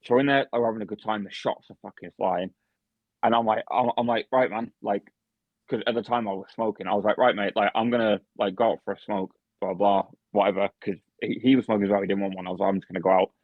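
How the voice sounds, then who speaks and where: Swearing low-voiced young man. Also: fairly even intonation, fast talker, no room sound. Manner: swears heavily, lots of restarts and fillers. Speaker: podcast co-host and barman. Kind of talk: casual chat, storytelling. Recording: dry, dull lo-fi podcast mic.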